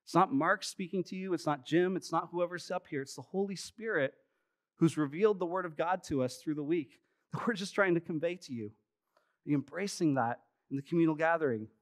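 A man's voice: a little high, a little fast. A man in his thirties preaching a sermon to his congregation, telling stories in a chatty way with self-deprecating humor. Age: 30s. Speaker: pastor. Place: church sanctuary, live service.

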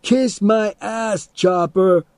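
Dude putting on a crazy cackling teen boy, squeaky high, mocking. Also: slow pace, no echo. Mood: taunting. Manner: taunting, cackling. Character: wild, mocking teenage boy with a crazy laugh.

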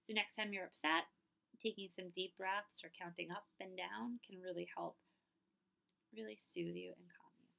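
Gentle woman librarian reading to children. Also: on the low side, lively intonation, normal speed, creaky. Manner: gentle, coaxing storytime delivery. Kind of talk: children's read-aloud.

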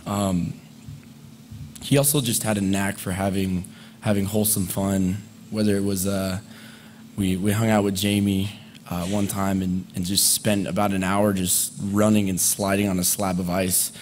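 A man in his twenties speaking as a friend at a memorial service, conversational and halting, with fillers and soft laughs. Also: low voice, little pitch movement, slight background noise. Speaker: eulogist, friend of the deceased. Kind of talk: memorial eulogy. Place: memorial service hall, indoors.

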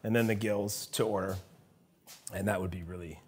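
Low-voiced chatty chef storyteller. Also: male voice, fairly even intonation, moderate pace, husky. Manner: chatty storyteller, laughs often, frequent restarts. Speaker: chef doing a cooking demo. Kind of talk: casual cooking demo chat.

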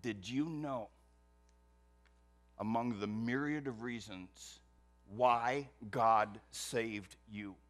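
A man's voice: medium pitch, very slow, long pauses. A man preaching a sermon as pastor, emphatic, with rhetorical questions. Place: church.

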